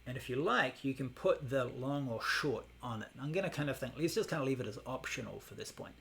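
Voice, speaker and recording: A man leads a Buddhist meditation class, explaining things in a relaxed manner with plenty of fillers. His voice is mid-range, gravelly, and brisk.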